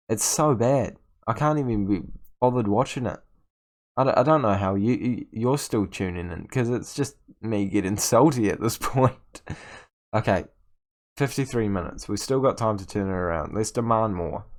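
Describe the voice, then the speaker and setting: A young man ranting over gameplay. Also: medium pitch. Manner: exasperated, ranting at his players, stammering restarts. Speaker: gaming YouTuber. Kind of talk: casual gameplay commentary.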